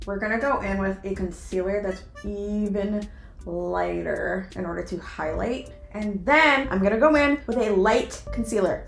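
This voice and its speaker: A young woman vlogger chatting playfully through a makeup tutorial, with self-mocking asides. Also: mid-range voice. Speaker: beauty vlogger. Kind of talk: casual makeup tutorial chat. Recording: echoey room with background music.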